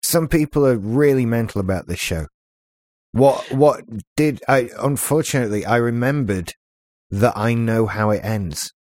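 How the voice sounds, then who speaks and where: A man's voice: medium pitch, normal speed, a little mellow, no echo. Male co-host, mid-range voice, wry, joking, dry close recording. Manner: wry, joking, trivia-minded. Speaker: podcast co-host. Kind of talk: casual chat.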